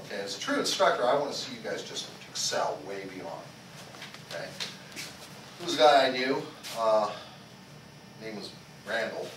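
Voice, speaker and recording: A male martial arts instructor teaching a small class. His pitch swings widely as he asks questions and tags "okay?" onto his points. He is picked up by a distant mic in an echoey training hall, with clear background noise. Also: animated, normal speed, pauses often. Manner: repeats "okay?" after nearly every sentence; asks the class questions and leads group chants. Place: karate school training hall.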